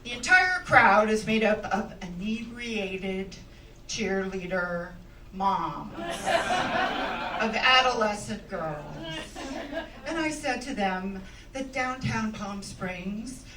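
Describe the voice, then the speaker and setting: A woman's voice: medium pitch, animated, slow pace, background noise. A middle-aged woman performing a stand-up set on a comedy club stage, wry and conversational, often laughing as she talks. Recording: roomy club sound from a distance. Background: audience laughter.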